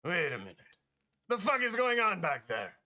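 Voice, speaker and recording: A man's voice: sits high, huge pitch swings, moderate pace, pushed and bright, pitched above the performer's own voice, heavily acted. A man voicing a scheming male gun merchant and matchmaker in a tabletop game, with a wobbly put-on European accent and slick dealer's patter. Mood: brusque. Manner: sly wheeling-dealing patter in a shaky put-on European accent.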